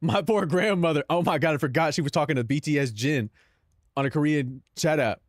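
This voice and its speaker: A man's voice: on the high side, fairly quick, no echo. Slangy streamer guy, dry close sound. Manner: slangy, calls chat "bro", laughs between lines. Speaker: live streamer. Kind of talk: casual livestream chat.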